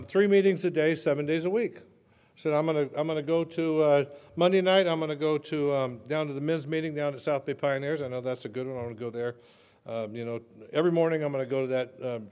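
A man's voice: fairly high pitch, a little mellow, smooth. Man telling his story in a reverberant hall. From Southern California. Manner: conversational storytelling with self-mocking humor. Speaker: speaker sharing recovery story. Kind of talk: personal testimony talk.

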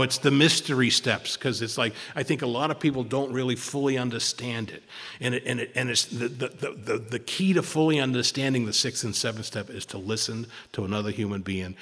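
A man with a bright, forceful, husky mid-range voice shares personal stories at a twelve-step recovery meeting, and the recording carries a long reverb tail. He rambles, frequently starts over, and performs other people's words as quotes.

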